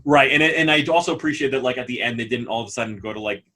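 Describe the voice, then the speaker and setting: A man co-hosting a casual podcast, talking animatedly, often laughing and breaking into quick character impressions. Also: medium pitch, sharp tone. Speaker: podcast co-host. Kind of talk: casual chat.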